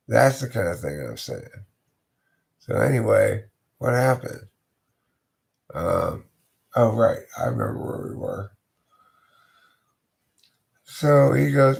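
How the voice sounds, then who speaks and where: A man's voice: lowish voice, very animated, slow pace, vocal fry, long pauses. A man telling an improvised story in a drowsy, meandering way, losing his thread.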